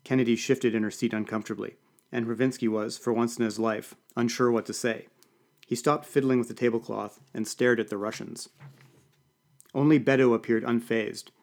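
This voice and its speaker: A man reading a novel aloud in a dry, even first-person narration. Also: mid-range voice, moderate pace, vocal fry. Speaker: audiobook reader. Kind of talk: scripted narration.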